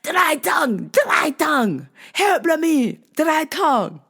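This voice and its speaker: A woman's voice: sits high, very animated, slow pace, a bit bright, voice pushed up, exaggerated voice. A woman voicing a pushy foreign woman customer who speaks broken English and keeps repeating her request. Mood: pleading. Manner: broken English, insistent, repetitive.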